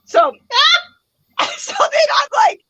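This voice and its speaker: A woman telling a story in casual chat, animated and laughing often, acting out the other people's lines. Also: extremely high pitch, very slow, no echo, rough recording. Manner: animated, laughs often, acts out quoted voices.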